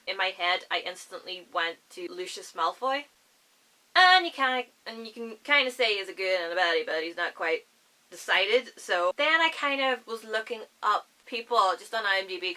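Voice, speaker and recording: A woman's voice: medium pitch, sharp tone, rough recording. A woman with a Northern Irish accent, chatting enthusiastically and rambling to camera about books. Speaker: book vlogger. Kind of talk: casual chat to camera.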